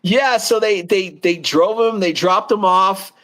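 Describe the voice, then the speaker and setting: A man's voice: sits high, unhurried, fairly bright tone. A man co-hosting a casual chat show who tells long, rambling stories and acts out the people in them. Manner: rambling storyteller, acts out quoted voices. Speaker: co-host.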